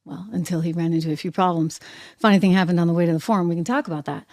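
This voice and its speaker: A woman's voice: lowish voice, a little fast. Sarcastic woman hosting political commentary. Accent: New Hampshire. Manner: animated, sarcastic, mimics people, laughs often.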